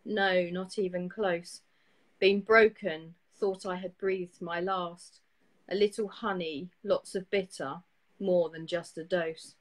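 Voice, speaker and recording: A woman hosting a poetry show, reading poems in a steady, even way and chatting briskly with her co-host. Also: medium pitch, poor audio. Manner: steady, even reading with quick laughs in chat. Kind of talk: casual chat and reading poetry aloud.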